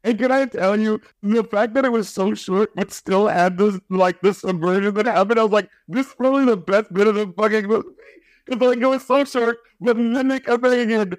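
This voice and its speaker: A man with a high voice co-hosts a casual movie review chat, swearing freely and jumping into mocking impressions of the characters. The sound is dry and close, with no room around him. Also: fairly quick, no room sound. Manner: animated, profane, mocking impressions. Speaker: podcast co-host.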